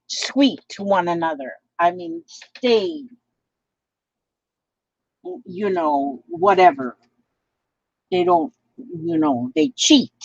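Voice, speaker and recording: A woman's voice: fairly high pitch, vocal fry, a little mellow, no room sound. A woman from Minnesota with a Midwestern American accent, chatting in a rambling, playful way while she crafts and reads out viewer comments. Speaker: craft vlogger. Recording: dull lo-fi home recording.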